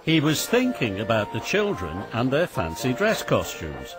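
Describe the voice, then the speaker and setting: A man reading a children's story aloud in a sing-song, expressive way. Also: mid-range voice, moderate pace, hardly any pauses. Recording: music playing behind.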